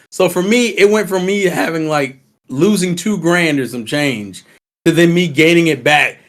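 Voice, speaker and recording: A man with a somewhat high voice talks on a podcast in a loose, casual way. He swears often and walks through his explanations at length, like he is talking with friends. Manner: laid-back, profane, explains things at length. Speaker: podcast co-host. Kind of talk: casual group chat.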